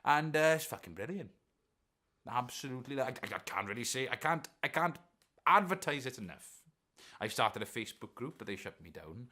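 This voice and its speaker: Guy playing a rock star in a mockumentary, middle-aged, deadpan and rambly, lots of ums, voice swoops up and down. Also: medium pitch, brisk. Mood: rambling. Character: rambling washed-up male rock star looking back. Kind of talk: improvised mockumentary interview.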